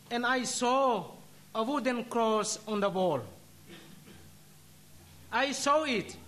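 A religious brother giving a solemn sermon, telling a story and ending in prayer with measured, deliberate delivery. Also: male voice, extremely high pitch, bright, forceful tone.

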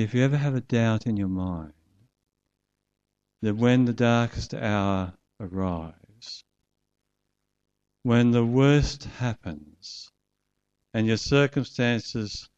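A man's voice: lowish voice, a little mellow, lo-fi sound. A man preaching a sermon, earnestly retelling a scripture story and acting out its voices.

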